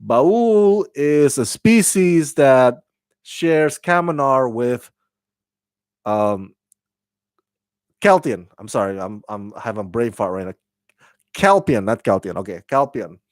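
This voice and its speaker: A man's voice: medium pitch, animated, slow pace, a little mellow, no echo. A man reviewing a TV episode in casual chat, rambling with many restarts and fillers and laughing at his own slips. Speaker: TV show reviewer.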